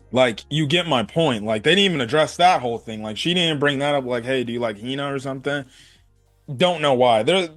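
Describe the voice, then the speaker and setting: Rambling casual man reviewing an episode. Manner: rambling, full of "like" and "you know"; animated, jumps between high and low pitch. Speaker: anime reviewer.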